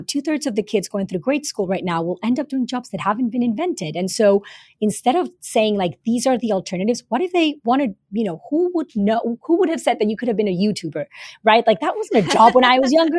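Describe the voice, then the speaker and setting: A woman's voice: fairly high pitch, very animated, fairly quick, darkish tone, no room sound, studio quality. A woman, a former teacher and author, talking earnestly as a podcast guest, with many fillers and repeated words. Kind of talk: casual interview talk.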